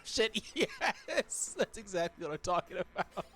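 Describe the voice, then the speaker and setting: Man streaming a kart race, lively chatty voice, pitch swinging up and down, faint music behind. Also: moderate pace, hardly any pauses. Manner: animated, laughs often, jokey chatter with viewers. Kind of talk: casual gaming stream chat.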